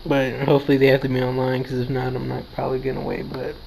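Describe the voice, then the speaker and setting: A man's voice: medium pitch, completely flat delivery, fast talker, vocal fry, a little mellow, slight background noise, poor audio. Sleepy, chatty young man recapping a match. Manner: chatty, retells his own reactions. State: sleepy, yawning. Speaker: gaming video creator. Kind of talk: casual game commentary. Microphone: handheld console recording.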